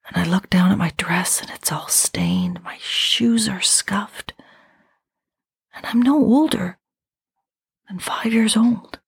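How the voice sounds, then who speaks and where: A woman in her fifties speaks slowly and deliberately, her lower voice carrying a gravelly, husky edge. She hosts a podcast and shares a personal story reflectively and intimately. She sits close to the mic in a dry, quiet room. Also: wildly swooping pitch, dry recording. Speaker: podcast host.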